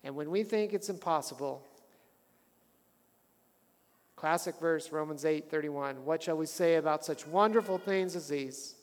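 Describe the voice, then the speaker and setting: A man preaching a sermon as a pastor, animated and calling the congregation to say lines back to him. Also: on the high side, measured pace, long pauses. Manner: animated, calls the congregation to respond. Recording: long hall reverb.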